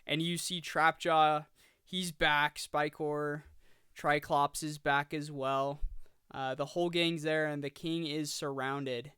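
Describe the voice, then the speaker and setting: A young man in his twenties co-hosting a podcast, chatting excitedly about a film and rambling through his points. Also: fairly high pitch, takes it slowly, clean tone, no echo, clean studio sound. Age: 20s. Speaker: podcast co-host. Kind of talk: casual film review chat.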